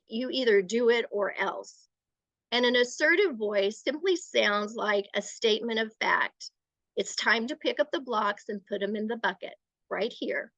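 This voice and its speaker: A middle-aged woman giving a gentle, explanatory talk to parents, sometimes acting out the phrases she uses as examples. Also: medium pitch, dry recording, lo-fi sound. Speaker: parenting educator.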